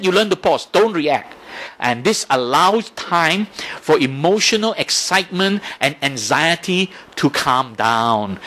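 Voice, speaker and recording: A man gives a mindfulness talk, his voice high and bright. His pitch moves a lot as he explains step by step. He keeps checking in with his listeners. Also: rough recording. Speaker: Buddhist teacher.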